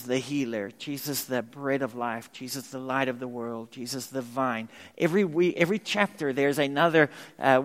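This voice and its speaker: A man pastor preaching a sermon in a church, emphatic and animated, repeating key words for effect. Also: mid-range voice. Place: church sanctuary. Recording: long reverb of a church hall.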